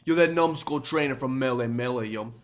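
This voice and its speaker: A man's voice: medium pitch, fairly quick, soft background music, close to an everyday voice. A man doing a brash rowdy street thug. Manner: brash street slang, shouty. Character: rowdy young male gang thug.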